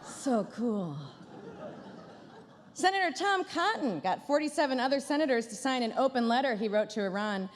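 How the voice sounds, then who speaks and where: A woman's voice: on the high side, in a large hall, slight background noise. A woman comedian doing a stand-up roast at a banquet dinner, with a dry, sarcastic delivery and playful asides. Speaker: comedian headlining a gala dinner. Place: large banquet hall.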